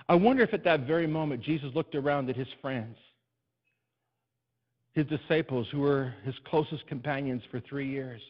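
A pastor telling a personal story in a sermon, building to emphatic, repeated refrains. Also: male voice, medium pitch, brisk. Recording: dull lo-fi recording.

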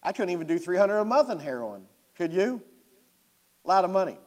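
Man, pastor, sermon storytelling, animated, longish reverb. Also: high voice, brisk. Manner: animated, talks to the congregation directly. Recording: long hall reverb.

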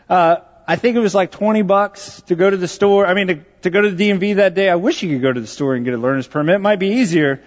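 A pastor from Texas preaching a sermon, telling a personal story in a conversational, joking way. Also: male voice, high voice. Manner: conversational and joking, with self-deprecating asides. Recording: dull sound in a large reverberant hall.

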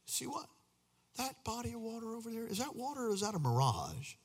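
A man voicing a weary Israelite wanderer who spots water, speaking softly with excited, breathless joy. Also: very high voice, fairly quick, breathy edge, big-room sound, pitched above the performer's own voice, full character voice. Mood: excited relief.

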